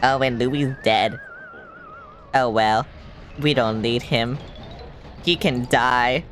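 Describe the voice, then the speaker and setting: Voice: medium pitch, takes it slowly, fairly bright tone, soft background music. A streamer giving casual live commentary over a video game, sarcastic and swearing often.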